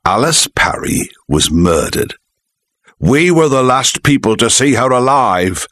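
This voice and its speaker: A man's voice: mid-range voice, wildly swooping pitch, measured pace, a bit bright, no echo, clean studio sound, pitched above the performer's own voice, heavily acted. A man voicing an angry, defensive married man who answers in short, snapping lines. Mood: curt. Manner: curt, snapping.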